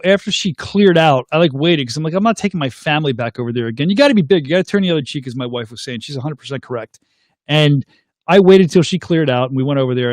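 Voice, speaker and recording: Man, thirties, talk show host, rapid delivery, dry close mic, animated storytelling. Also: fairly high pitch, no echo. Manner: animated, acts out dialogue in his anecdotes; reads viewer comments aloud. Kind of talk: casual livestream storytelling.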